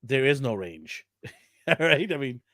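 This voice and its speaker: A man co-hosting a toy show in casual chat, reading viewer comments and teasing with quick jokes. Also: medium pitch, very animated, sharp tone, no room sound, clean studio sound.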